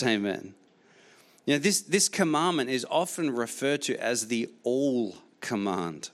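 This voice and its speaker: A man's voice: mid-range voice, lively intonation, measured pace. A man preaching a sermon as pastor, repeating key phrases emphatically, with frequent restarts.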